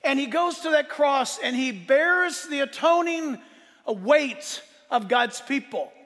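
A man preaching a sermon as a pastor, emphatic, asking rhetorical questions, with loud bursts of emphasis. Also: extremely high pitch, animated, slow pace, in a large hall.

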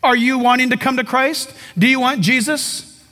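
Man, pastor, high voice, emphatic animated sermon, comic asides, long hall reverb. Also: moderate pace.

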